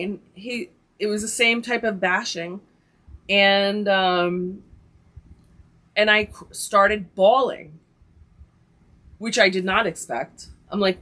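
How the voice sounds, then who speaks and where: A woman's voice: mid-range voice, unhurried. A middle-aged woman, hosting a podcast and telling a personal story in casual chat, full of "like" and acted-out dialogue. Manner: animated storytelling, many likes and quoted dialogue. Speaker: podcast host.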